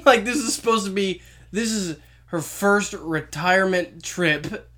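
A young woman in casual chat, giggling through her stories and acting out what people said. She talks at an unhurried, drawn-out pace, her pitch sitting in the middle. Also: a bit bright. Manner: giggly storyteller, acts out quotes.

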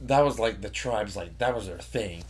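A young man chatting casually, rambling with lots of filler words and quick laughs. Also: fairly low pitch, slightly rough. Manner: gets loud and heated when arguing. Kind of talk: casual chat.

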